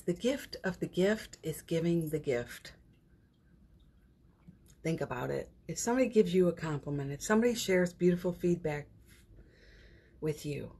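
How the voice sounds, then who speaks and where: A woman's voice: fairly low pitch, darkish tone, breathy edge. A woman hosting a daily live stream from her phone at home, chatting casually about spiritual matters, laughing often and trailing off mid-sentence.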